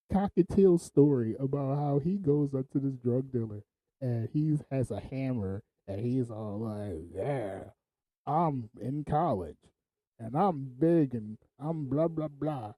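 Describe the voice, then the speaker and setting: Guy on a podcast spinning stories, super mellow dark tone, kinda high pitched, dry close sound. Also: no echo, low-quality recording. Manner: laid-back, laughs often, swears freely. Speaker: podcast host. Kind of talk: casual storytelling.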